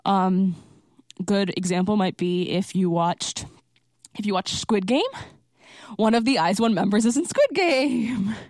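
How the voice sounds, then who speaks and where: A woman's voice: medium pitch, measured pace, long pauses, a little mellow, no room sound, studio quality. A young woman hosting a college radio show, chatting casually and enthusiastically between songs, with many likes and ums. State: slightly out of breath. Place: radio studio.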